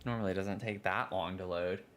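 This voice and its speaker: A man streams a building game live, speaking briskly in a low, slightly bright voice with fairly even intonation and some background noise. Chatty and frustrated, he complains about bugs and groans theatrically at each failure.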